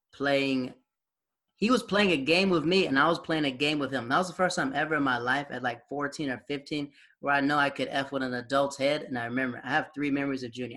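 A man's voice: medium pitch, fairly bright tone. A young adult man sharing memories in casual chat, rambling, with lots of filler words and frequent laughs.

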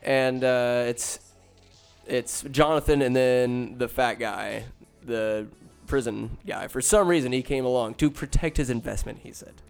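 Rambling man with a smooth voice. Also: mid-range voice, a little slow, soft background music. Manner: rambling, profane, slangy asides. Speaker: film recapper. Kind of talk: casual comedic plot retelling.

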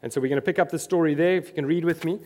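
A man's voice: a little high, rapid-fire, warm tone. A man preaching a sermon, earnest and emphatic, repeating his key phrases.

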